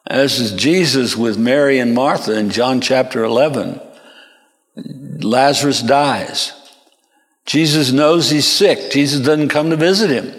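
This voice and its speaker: A man preaches at an unhurried, measured pace, his mid-pitched voice climbing high and loud whenever he quotes someone. The sound rings with a long reverb, as in a large hall. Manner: slow, deliberate delivery that rises sharply when quoting. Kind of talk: sermon.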